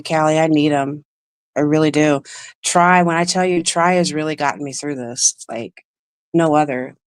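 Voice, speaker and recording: Low-voiced woman on a candid livestream. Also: smooth, dry recording. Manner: emotional, rambling, greets chat viewers mid-story. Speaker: livestream host.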